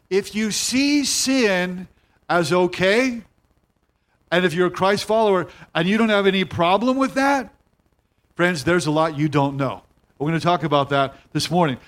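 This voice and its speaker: A middle-aged man preaching a sermon as pastor, emphatic, repeating key phrases and slowing down to stress words. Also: high-pitched, a bit bright.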